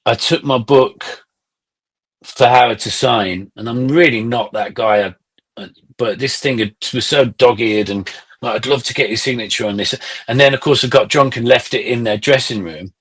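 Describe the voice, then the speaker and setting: A man's voice: mid-range voice, moderate pace, fairly bright tone, slightly rough. Middle-aged man telling rambling stories. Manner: rambling anecdotal storytelling with many restarts. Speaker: podcast guest, musician. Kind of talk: casual conversation.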